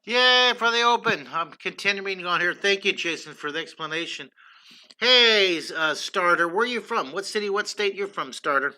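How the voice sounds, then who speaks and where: An older man teaches drawing on a casual livestream, talking in a chatty and enthusiastic way and calling out to his viewers as he sketches. His voice is very bright, sitting a bit high for a man. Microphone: computer streaming setup.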